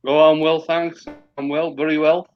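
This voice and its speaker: A man's voice: on the high side, level tone, moderate pace. Man from the UK on a muffled call. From United Kingdom. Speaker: guest caller.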